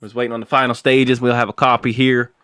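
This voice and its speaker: A young man co-hosting a podcast, musing out loud in a loose, rambling way with lots of fillers. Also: medium pitch, level tone, fast talker, clean tone, no room sound, clean studio sound. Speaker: podcast co-host. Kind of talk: casual chat.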